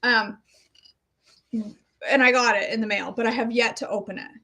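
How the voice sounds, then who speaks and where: A woman's voice: a little high, fairly even intonation, normal speed, sharp tone, slightly rough. A middle-aged woman chatting casually as a health coach vlogger, rambling and self-deprecating as she talks to her viewers. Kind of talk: casual chat.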